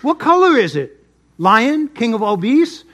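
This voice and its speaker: A man's voice: very high-pitched, very animated, measured pace, fairly bright tone, full character voice. A man voicing a stubborn, foolish male donkey as he tells a fable in a sermon, speaking insistently. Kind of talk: storytelling in a sermon.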